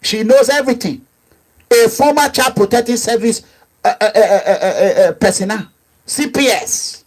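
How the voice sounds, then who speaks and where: Husky, high-voiced Nigerian man. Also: moderate pace. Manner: emphatic, repetitive, swings between low asides and raised outbursts. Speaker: activist movement leader. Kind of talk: impassioned monologue.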